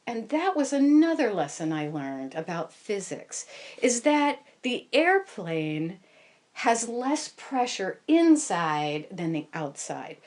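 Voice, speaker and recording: A woman recounting a personal misadventure to an audience, self-deprecating and animated. Her delivery is slow and leisurely, with a widely swinging, expressive pitch. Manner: animated, self-deprecating, laughing through the telling. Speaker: storyteller. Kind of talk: first-person live storytelling.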